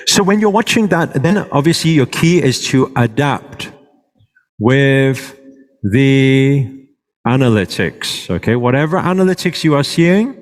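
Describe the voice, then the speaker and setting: A man teaching a live workshop to an audience, checking in with them often and moving around as he speaks. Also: mid-range voice. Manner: moves around while speaking. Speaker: workshop presenter. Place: large hall with a live audience. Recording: reverberant hall.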